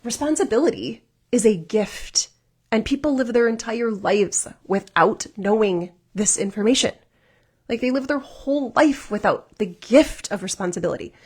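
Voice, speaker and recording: A woman's voice: medium pitch, husky. A woman life coach giving a workshop talk, earnest and encouraging, often checking in with "right?" as she goes.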